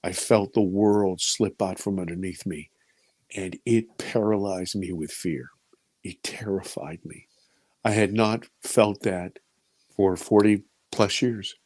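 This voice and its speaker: A middle-aged man, a film producer, telling a personal story in an interview, animated and emotional, swinging between loud and hushed. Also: lowish voice, dry recording.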